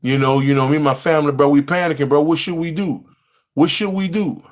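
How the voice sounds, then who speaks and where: A man voicing a frightened rich caller who stammers and fills every pause with filler words. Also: on the high side, lightly acted. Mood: nervous.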